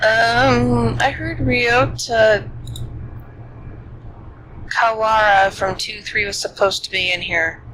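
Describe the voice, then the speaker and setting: A game streamer reading a visual novel's dialogue aloud in an animated way. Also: medium pitch, slow, long pauses, slight background noise, poor audio.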